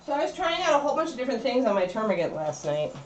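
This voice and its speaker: Very animated and rapid-fire, this woman livestreams with slight background noise behind her. She paints miniatures while rambling casually, switching to a high, baby-talk voice for her dog.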